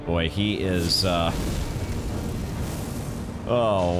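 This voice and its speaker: A man's voice: sits low, very animated, measured pace. A man giving live commentary on a video game he is playing, exasperated, swearing and restarting his sentences, with game music behind him. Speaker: gaming streamer.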